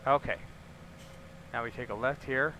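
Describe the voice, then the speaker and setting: A man's voice: medium pitch, moderate pace, bright, forceful tone, a little hiss or hum. A man chatting casually with his viewers while livestreaming a game, joking and talking to them by name. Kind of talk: casual gameplay livestream chat.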